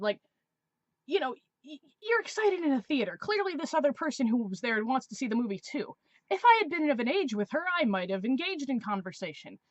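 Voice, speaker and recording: A woman's voice: fairly high pitch, no echo, lo-fi sound. Sarcastic young woman telling a story. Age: 20s. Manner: sarcastic, exasperated. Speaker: vlogger. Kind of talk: casual storytelling review.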